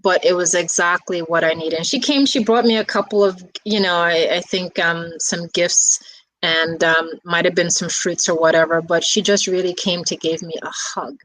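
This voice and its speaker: A woman guest speaking in a soft, reflective way, talking casually with a few restarts and fillers. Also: lowish voice, moderate pace, rough recording. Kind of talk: casual conversation.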